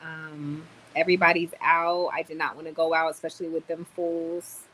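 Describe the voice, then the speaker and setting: A young woman vlogging casually on a livestream, tired and chatty, telling stories with sudden loud exclamations. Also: sits low, flat delivery, normal speed, a little hiss or hum, poor audio.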